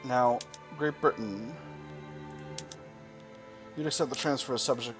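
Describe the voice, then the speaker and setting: A man's voice: mid-range voice, normal speed, pauses often, over music. A man commenting on a strategy game he is playing, thinking aloud with dry, wry asides. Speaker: gaming video host.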